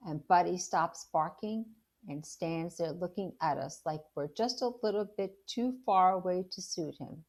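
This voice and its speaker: A woman, a teacher, reading a children's novel aloud in an animated storytelling way and stopping to ask the listener questions about the story. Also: lowish voice, unhurried.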